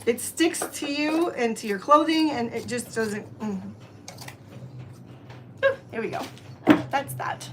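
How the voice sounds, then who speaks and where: High-voiced chatty woman crafter. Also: slight background noise. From Tampa area, Florida, US. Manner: chatty and digressive, often addresses viewers as y'all. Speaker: craft channel host. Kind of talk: live-stream gift-wrapping tutorial.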